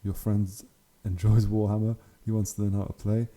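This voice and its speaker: A young man chats his way through hobby photos with plenty of laughs and easy enthusiasm. His voice is very dark and mellow and sits fairly low. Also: level tone, moderate pace. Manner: chatty, enthusiastic, laughs often. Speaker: channel host. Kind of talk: casual commentary on hobby photos.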